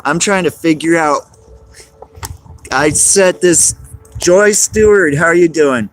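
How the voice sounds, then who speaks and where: A man's voice: a little high, slow, faint music behind. A man, live-streaming outdoors on a cold, windy day, rambling and greeting chat viewers by name.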